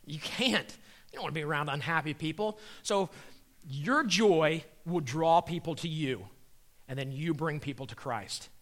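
A middle-aged man, a comedian and magician, giving a comedic Christian talk and telling stories with animated energy. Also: on the high side, moderate pace. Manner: animated storyteller acting out voices.

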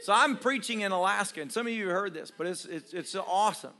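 A man's voice: sits high, fast, pushed and bright. A man preaching a storytelling sermon as a pastor, humorous and self-deprecating, laughing often as he talks straight to his congregation. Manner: conversational, addresses congregation directly.

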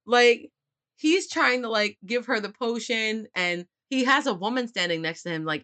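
A woman's voice: fairly high pitch, expressive, moderate pace, sharp tone. A woman recapping a novel chapter in casual chat with friends, swearing freely and acting out the characters' lines. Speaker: book club co-host. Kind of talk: casual book discussion.

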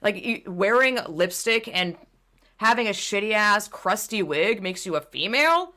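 Young woman, bright tone, blunt profane ranter in casual podcast chat. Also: medium pitch, measured pace. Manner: blunt, profane, animated ranting.

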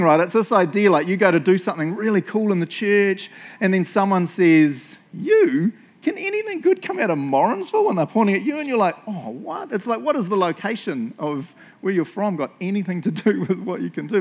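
A man with a New Zealand accent preaching a sermon in a church, chatty and joking, often tagging lines with "eh?" and "right?". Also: fairly high pitch. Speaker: pastor.

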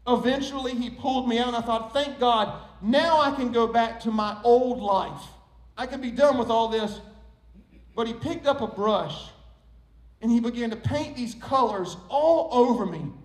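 Casting: man playing a whiny, suffering teacup, very high, roomy echo. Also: normal speed. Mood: plaintive. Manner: storytelling, rising to high pleading cries. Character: old teacup, male, long-suffering and wondering.

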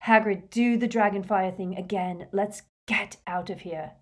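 A woman voicing a teenage boy wizard shouting spells. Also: medium pitch, steady tone, measured pace, close to an everyday voice. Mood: tense. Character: brave teenage boy wizard under attack. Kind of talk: audiobook character reading.

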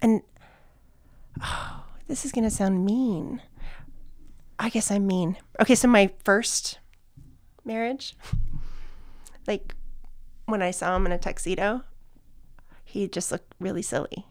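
A middle-aged woman chatting casually as a guest. She tells her story in a warm, chatty way and laughs often. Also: mid-range voice, takes it slowly, long pauses, dry recording.

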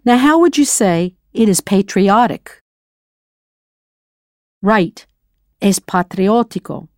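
A woman leads a scripted audio language lesson and keeps quizzing the listener in a light, playful way. Her voice sits at a middle pitch, and the recording is dry and close with no room sound. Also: expressive, slow, a little mellow, no room sound. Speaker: language teacher.

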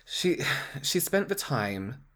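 A man in casual conversation, spinning a work story with lively, exasperated energy. His voice sits at an ordinary middle pitch. He talks in an easy, chatty, storytelling flow. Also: slow pace. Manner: animated storyteller, exasperated retelling. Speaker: makeup artist. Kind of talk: casual chat.

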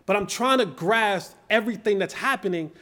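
A man hosting a podcast, telling a story in a lively, casual way and acting out quoted lines in different voices. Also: high-pitched, normal speed. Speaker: podcast host and former player. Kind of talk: animated storytelling in casual chat.

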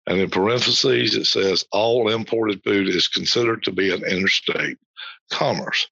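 A low-pitched man hosts a podcast, reading official text aloud and repeating key passages slowly. The sound is dry and a little dull and lo-fi. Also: gravelly, sharp tone, husky, no room sound. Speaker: podcast host.

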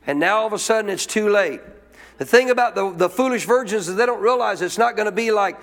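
A man with a notably high voice delivers a church sermon, punching his points with emphasis. He keeps throwing questions at the congregation and repeating key lines for them to take in. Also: fast talker, fairly bright tone. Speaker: preacher.

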